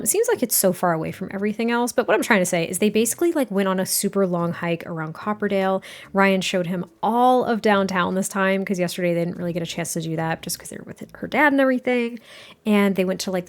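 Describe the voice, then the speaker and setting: A woman casually narrating a life-sim story, chatty and giggly, rambling and restarting her sentences. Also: mid-range voice. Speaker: game narrator. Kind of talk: casual let's-play storytelling.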